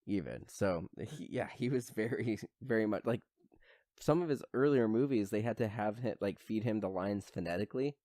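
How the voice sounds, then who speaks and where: A man's voice: fairly low pitch, moderate pace, warm tone, dry recording. Podcast co-host, male, casual rambling plot recap with mock voices for characters, close dry mic. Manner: rambling storyteller, acts out characters' lines. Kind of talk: casual movie recap chat.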